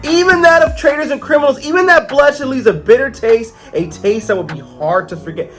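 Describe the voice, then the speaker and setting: A man's voice: extremely high pitch, fairly quick, a bit bright, soft background music, voice pushed up. A man voicing a pompous male bull who rules a castle, speaking in a put-on accent with a speechifying manner. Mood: orating.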